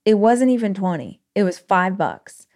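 A woman podcast host telling a personal story in an emotional, animated way with quick bursts. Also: mid-range voice.

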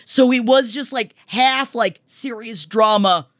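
Excitable swearing podcast host. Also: mid-range voice, a little slow. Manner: excitable, swears, slips into mocking voices. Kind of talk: casual comedic chat.

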